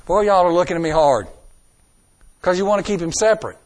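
High-voiced preacher, emphatic. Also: male voice, expressive, fairly quick. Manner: emphatic, dramatic swings in loudness and pace, rhetorical questions. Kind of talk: sermon.

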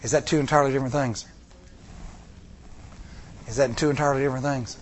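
A man's voice: medium pitch, fairly even intonation, fast talker, slight background noise. Middle-aged man preaching a sermon. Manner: preaching with rhetorical questions and rising emphasis. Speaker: pastor.

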